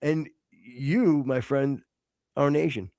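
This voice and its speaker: A man's voice: mid-range voice, slow, dark tone, dry recording, clean studio sound. A man in his fifties, co-hosting a podcast with crude, teasing banter and heavy swearing. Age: 50s. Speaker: podcast co-host.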